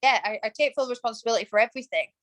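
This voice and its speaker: A woman's voice: a little high, racing, fairly bright tone, low-quality recording. A woman in her thirties, a podcast guest, talking in a passionate, emphatic way in a casual interview. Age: 30s. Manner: emphatic and passionate, acts out quoted thoughts.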